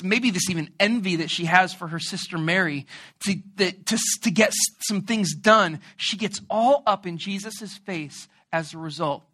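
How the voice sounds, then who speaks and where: A man preaching a sermon as an animated, joking storyteller. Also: high voice.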